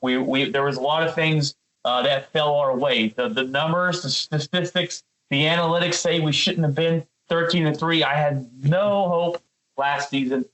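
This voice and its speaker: This is a man on a sports podcast, heated and ranting about a football game. His voice sits a bit high and he keeps turning to his co-host by name. He stumbles and repeats words when the anger builds. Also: steady tone, moderate pace, fairly bright tone, poor audio.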